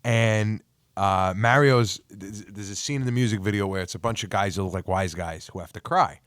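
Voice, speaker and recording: A man's voice: lowish voice, moderate pace, fairly bright tone, no echo, clean studio sound. A man co-hosting a casual interview, prompting and teasing his guest in a laid-back way. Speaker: podcast co-host.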